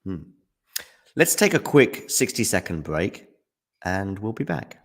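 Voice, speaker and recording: Low-voiced relaxed man musing over tennis. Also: a little slow. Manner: relaxed, musing, hums and fillers. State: eating chocolate while talking. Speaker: watchalong host. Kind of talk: casual live commentary.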